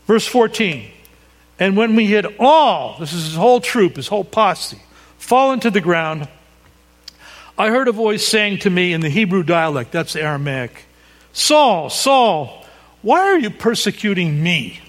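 A man preaching an expository sermon, animated and conversational, checking in with his listeners as he reads and explains scripture. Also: sits high, moderate pace. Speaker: pastor. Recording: long hall reverb.

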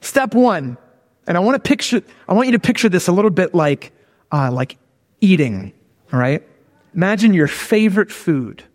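A man's voice: high voice, very animated, moderate pace, darkish tone, long reverb tail. A man giving a conversational sermon who keeps checking in with his listeners with "okay?" and "all right?". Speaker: preacher.

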